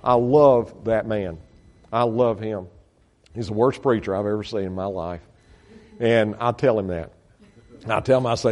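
A man's voice: lowish voice, measured pace, pauses often, a little mellow. A man speaking as a missionary, talking a congregation through slides in a folksy, earnest way, with many fillers and restarts. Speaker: missionary reporting to supporters. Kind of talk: slide-show talk to a congregation.

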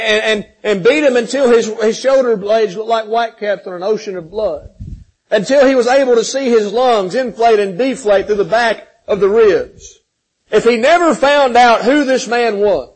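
A man preaching a sermon, swinging from loud pleading questions to hushed, gentle passages, calling listeners friends and repeating words as he builds. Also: very high-pitched, rough recording. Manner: impassioned, rising and falling between loud pleading and hushed softness.

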